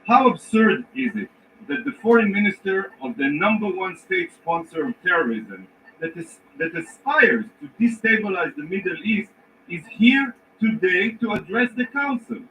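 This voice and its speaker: A man giving a formal, prepared speech to a council as an ambassador, emphatic and indignant, with measured pauses. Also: sits high, sing-song, pushed and bright. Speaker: ambassador addressing the Security Council. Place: large council chamber. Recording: distant, dull rebroadcast with faint noise.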